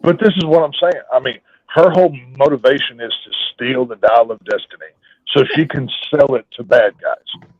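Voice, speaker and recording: A man's voice: mid-range voice, normal speed, dry recording, highs cut off. A man hosting a casual film discussion, blunt and restarting his words as he talks. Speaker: podcast host.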